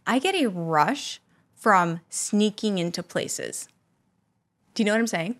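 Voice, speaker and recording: A young woman telling animated, self-mocking stories to her viewers. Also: mid-range voice, unhurried. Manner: animated, self-mocking, acts out quotes in loud squeals. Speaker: vlogger. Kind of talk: casual storytelling to camera.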